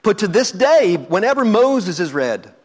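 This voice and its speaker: A man preaching a sermon, earnest, repeating words and swinging from loud emphasis to soft, slow passages. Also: sits high, big pitch swings.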